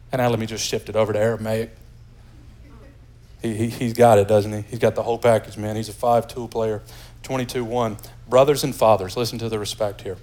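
A pastor from the United States preaching a sermon in a lively, joking, conversational way. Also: male voice, on the low side.

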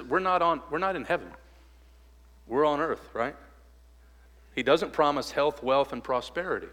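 Preaching man in a reverberant church. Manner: rises loud on exhortations, drops soft and low in prayer. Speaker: pastor. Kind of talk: sermon with closing prayer. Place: church sanctuary.

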